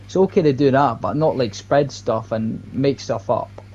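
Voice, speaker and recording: Young Scottish man, mid pitch, thoughtful hesitant delivery, slightly muffled lo-fi recording. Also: a little mellow, breathy edge. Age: young adult. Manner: measured, reflective, hesitant fillers. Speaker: podcast co-host. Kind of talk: casual chat.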